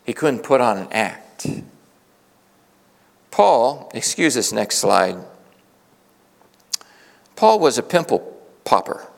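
A male pastor preaching a sermon, swinging from loud, emphatic peaks to hushed asides. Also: mid-range voice, big pitch swings, slow pace, gravelly, long pauses. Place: church sanctuary. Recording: reverberant church hall.

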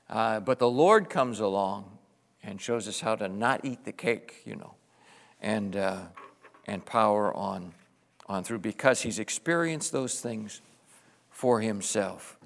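A middle-aged male pastor preaching with passion, swinging between loud exclamations and hushed, tender passages. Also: on the low side, gravelly. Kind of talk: sermon.

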